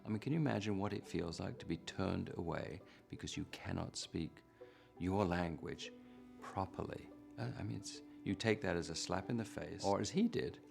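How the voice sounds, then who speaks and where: A man's voice: deep voice, normal speed, creaky, darkish tone, soft background music. A man recounting another person's early struggles in a documentary interview, storytelling with emphasis.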